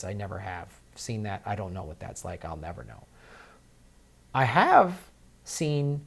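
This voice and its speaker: A man's voice: mid-range voice, a little mellow. Sarcastic man ranting about politics. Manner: sarcastic, heated, with many fillers and restarts. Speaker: political commentary host.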